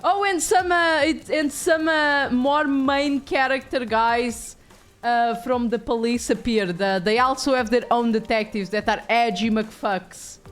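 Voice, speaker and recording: A woman's voice: a little high, unhurried, soft background music. A woman streaming a video game, chatting casually with viewers, rambling and swearing offhand.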